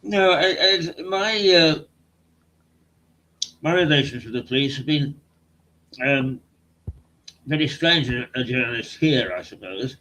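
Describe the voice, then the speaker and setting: A man's voice: on the high side, lively intonation, a little slow, long pauses, pushed and bright, low-quality recording. An older man from the English Midlands, hosting an online talk show and telling rambling, hesitant stories of his broadcasting days. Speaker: host and veteran broadcaster. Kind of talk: conversational interview. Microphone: video call.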